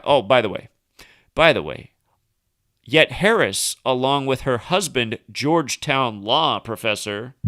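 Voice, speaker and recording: Man, livestream host, rambling monologue, bright sharp voice, dry close sound. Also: lowish voice, clear, resonant tone, no echo. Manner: rambling, reels off number links and asides.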